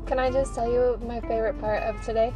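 Woman podcast co-host, high voice, teasing and animated, clear music bed underneath. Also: fast, poor audio. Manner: teasing, animated, quotes texts back and forth. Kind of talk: casual chat.

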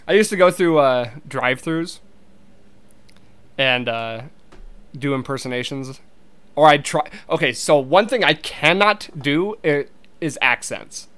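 Young man, casual rambling monologue, swears a lot, stops and restarts, slightly high, smooth clear voice. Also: animated, unhurried, pauses often, fairly bright tone. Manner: rambling, swears, many restarts, laughs easily.

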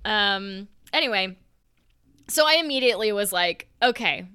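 A woman's voice: medium pitch, lively intonation, normal speed, sharp tone, clear, resonant tone. A woman co-hosting a podcast in a giggly, enthusiastic casual chat. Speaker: podcast co-host.

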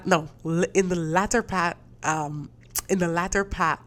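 A woman with a very low voice chats loosely on her own podcast. She rambles, restarts her sentences and laughs between them. Her voice sounds a little stuffy, and she speaks into a podcast mic. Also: steady tone, unhurried, a bit bright. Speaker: podcast host. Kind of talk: casual solo podcast chat.

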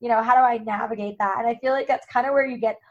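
A woman's voice: on the high side, fairly even intonation, racing. A heavily pregnant woman hosting a casual chat, rambling with many likes. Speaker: podcast host. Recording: dull muffled audio.

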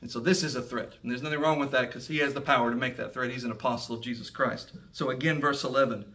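A man teaching a Bible class in an animated, emphatic way, often raising his voice for effect. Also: medium pitch, fast, far from the mic.

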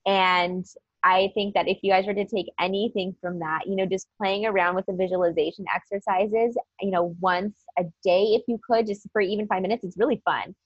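A woman's voice: mid-range voice, steady tone, a little fast, hardly any pauses, no echo. A woman guest on a podcast, chatting earnestly and upbeat about mindset, with lots of fillers. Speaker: podcast guest, business coach. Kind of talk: casual motivational chat. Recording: dull dry lo-fi sound.

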